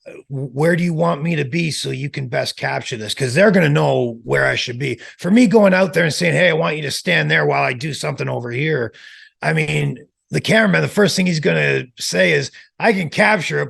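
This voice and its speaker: A middle-aged man, a former wrestler, telling relaxed, rambling stories in an interview. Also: a little high, a little fast, vocal fry, husky. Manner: relaxed, rambling, many restarts. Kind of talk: casual storytelling.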